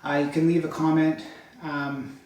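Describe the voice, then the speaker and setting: Fitness vlogger, man, slightly higher voice, winded, halting and rambly, heard from across a very echoey room. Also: level tone, a little mellow, distant mic. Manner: rambling, with many ums and uhs. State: out of breath. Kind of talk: casual workout check-in.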